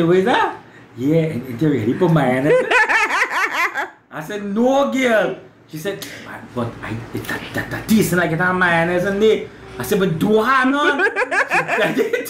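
Laughing Trinidadian man, lively teasing chat. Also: high voice, normal speed, a crowd in the background. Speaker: home cooking show host. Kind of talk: casual kitchen chat. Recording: echoey room with background noise.

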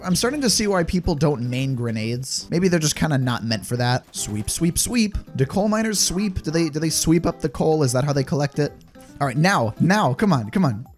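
A young man giving casual, rambling gameplay commentary, joking at his own expense and getting exasperated with the game. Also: a little high. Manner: rambling, jokey, self-mocking, easily exasperated. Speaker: gaming YouTuber. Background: game background music.

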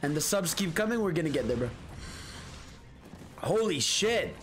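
A man streaming a video game, commenting excitedly, swearing freely and calling everyone "bro.". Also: on the high side, normal speed, soft background music. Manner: excitable, profane, says "bro" constantly. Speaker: gaming streamer. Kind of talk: excited let's-play commentary.

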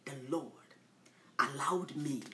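A woman preaching a sermon, dropping to hushed whispers and rising to loud, impassioned shouts. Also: rumbling low, slow pace, a little hiss or hum. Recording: echoey room.

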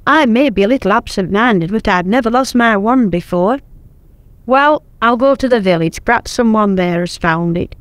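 A woman's voice: fairly high pitch, moderate pace, no echo, lightly acted. An older woman voicing an absent-minded old male wizard who sighs and frets, read from a children's storybook. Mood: fretful. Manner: fretful, sighing. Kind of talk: storybook reading.

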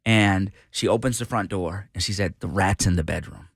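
A middle-aged man telling an animated story on a radio show, acting out the voices of the people in it. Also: sits low, normal speed, vocal fry, breathy edge, dry recording, studio quality. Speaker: radio host guest. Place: radio studio.

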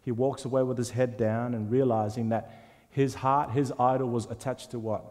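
A man giving a church talk in a school hall, retelling parables and acting out the voices with big swings in pitch and loudness. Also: steady tone, normal speed. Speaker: speaker of a church talk series. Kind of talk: sermon. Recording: long echo of a large hall.

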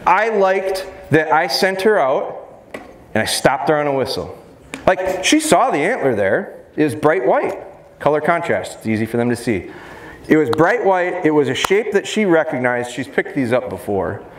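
Joking with his live audience, a middle-aged man energetically presents a dog training seminar in a large exhibition hall. He speaks on the high side in a sing-song way at moderate pace, amid roomy hall echo and faint crowd ambience.

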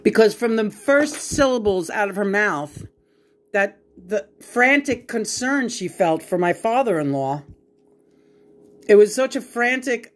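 A woman's voice: medium pitch, animated, measured pace. A woman venting in a casual home video, frustrated and profane, rambling with many restarts. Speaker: vlogger.

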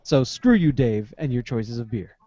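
A Canadian man co-hosting a casual beer podcast, loud and joking. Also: mid-range voice, lively intonation, moderate pace, no room sound. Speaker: podcast co-host. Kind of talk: casual chat over beers. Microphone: video call. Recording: dry muffled online call.

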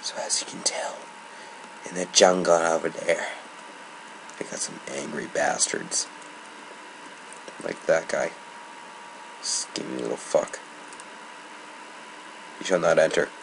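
A man's voice: very deep voice, slow pace, gravelly, long pauses, a bit bright, whispered. A young man giving casual, annoyed gameplay commentary, rambling and swearing. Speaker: gamer. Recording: noisy home recording.

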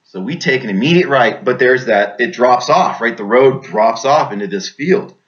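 A man's voice: medium pitch, expressive, moderate pace, muffled recording. A man, an army veteran, telling a combat story in vivid, intense casual speech, often restarting his sentences.

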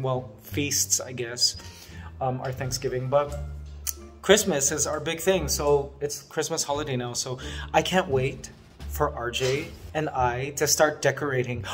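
A man from Canada in his thirties, vlogging casually from his farmhouse and gushing to his viewers with excitement and emotion. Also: mid-range voice, normal speed, soft background music. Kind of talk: casual vlog. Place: farmhouse under construction.

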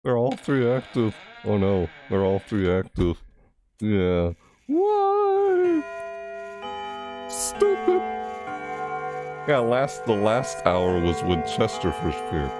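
A man's voice: sits low, measured pace, a little mellow, soft background music. A man hosting a horror game let's play, talking through it, grumbling at the game and yelping when startled. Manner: jumpy, yelps and cries out at scares, grumbling at the game. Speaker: gaming channel host.

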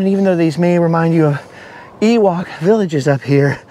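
A middle-aged man vlogging outdoors from a high forest walkway, nervous and breathless, laughing at himself and repeating his worries. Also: moderate pace, mellow, a little hiss or hum. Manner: jittery and self-mocking, laughs often, repeats himself. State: breathless from nerves. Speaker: travel vlogger. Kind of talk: nervous chatter to camera while walking a treetop trail.

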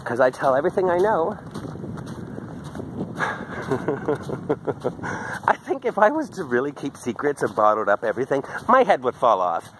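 An open, talkative man records a rambling video diary on a handheld phone held close while on his daily walk in a park. His mid-range voice is sing-song, at a moderate pace with frequent pauses, over a faint hiss. He's candid and chatty, drifts from topic to topic, and laughs at himself a lot.

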